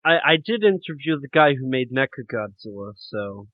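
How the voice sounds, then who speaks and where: A man's voice: medium pitch, very animated, normal speed. A man hosting a podcast interview, speaking briefly and dryly with some hesitation. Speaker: podcast host. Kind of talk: casual interview chat. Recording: tinny phone-like line, dry.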